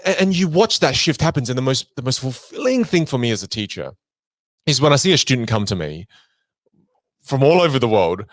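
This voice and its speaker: A man guest on an interview podcast, a voice coach who talks expressively and swings his pitch and volume to make his points. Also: dry recording. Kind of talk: animated conversational interview.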